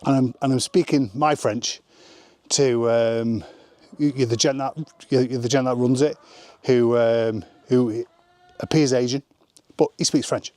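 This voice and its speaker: A man's voice: medium pitch, steady tone, measured pace, a little mellow, dry recording. Brief: man, fifties, easygoing vlogger talking to camera, self-mocking, rambling. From United Kingdom. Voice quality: chatty, self-deprecating, rambling. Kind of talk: casual chat to camera.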